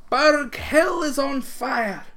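A man's voice: very high-pitched, animated, normal speed, pitched above the performer's own voice. A man voicing a clever, harried housewife, speaking in raised, urgent calls.

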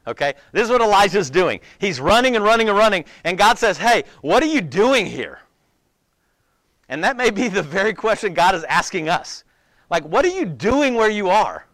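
A man preaching a casual, conversational sermon, animated at times and dropping to a near whisper at others. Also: sits high, no room sound. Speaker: pastor.

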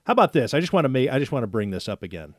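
A male sports talk host with a mid-pitched voice, chatting casually and rattling off numbers. The sound is close and dry, with no room around it. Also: sing-song, rapid-fire, no room sound. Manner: stat-heavy, conversational.

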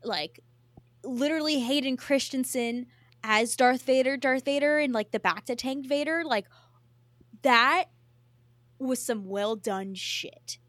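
A woman co-hosting a podcast in casual chat, excited and full of "like" fillers and swearing. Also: high-pitched, measured pace, no room sound. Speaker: podcast co-host.

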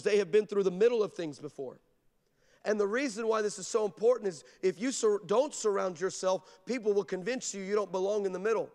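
A male pastor preaching an emphatic sermon, telling stories with humor. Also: high voice. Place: large church. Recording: long hall reverb.

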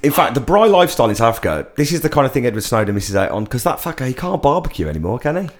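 A man's voice: medium pitch, sing-song, rapid-fire, soft background music. A man co-hosting a podcast, riffing jokes and swearing in casual comedic chat. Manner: jokey, riffing, swears, puts on silly accents. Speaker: podcast co-host.

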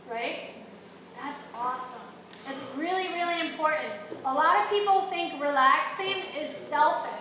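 In a big, reverberant room full of young hockey players, a woman with a high-pitched, sharp-toned voice guides breathing work and yoga poses, offering encouragement and quizzing the group. There's slight background noise, and the mic is distant, so the echo comes through clearly.

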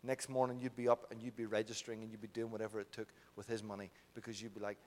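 A man with an Irish accent preaching a sermon, swinging from loud peaks to soft, quiet passages. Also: lowish voice, level tone, fast talker, hardly any pauses, a little hiss or hum. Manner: impassioned, builds to loud peaks then drops soft. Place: church hall. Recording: reverberant hall.

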